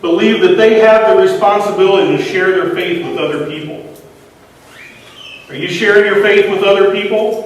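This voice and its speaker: A man's voice: high-pitched, a little hiss or hum. A man giving an earnest sermon in a church, putting question after question to the congregation. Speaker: lay speaker. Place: church sanctuary. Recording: echoey church hall from far off.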